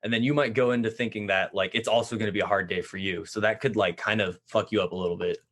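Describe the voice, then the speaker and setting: A man with a fairly low voice speaks as a guest on an interview. He talks in a relaxed, casual way, filling pauses with "like" and "um". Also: slight background noise.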